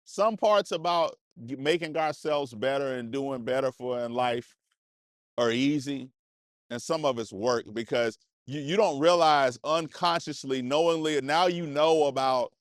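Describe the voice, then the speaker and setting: A man's voice: mid-range voice, a little slow, no room sound, clean studio sound. A man vlogger giving a casual motivational talk, preachy and conversational. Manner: preachy, conversational, repeats and restarts phrases. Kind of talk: motivational monologue. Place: indoors, seated on a cushion.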